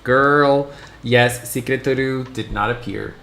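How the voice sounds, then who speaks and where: A man hosting a casual live stream, excitably chatting and greeting his viewers one by one. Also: medium pitch, slow. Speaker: livestream host. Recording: roomy echo.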